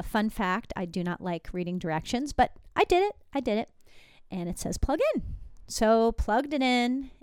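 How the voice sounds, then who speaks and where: Chatty woman, smooth dry voice. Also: mid-range voice, dry recording. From Southern California. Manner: chatty, animated, with asides and laughs. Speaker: podcast host. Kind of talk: casual storytelling monologue. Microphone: desktop podcast microphone.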